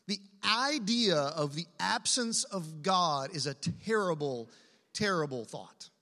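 A man's voice: sits high, lively intonation, slow pace, sharp tone. A man preaching a sermon as pastor, telling a family story in an earnest, conversational way. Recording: long hall reverb.

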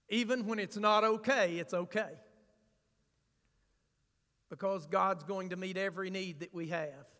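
Male pastor, sermon, high bright voice, long hall reverb. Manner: preaching with sudden swells of emphasis and asides.

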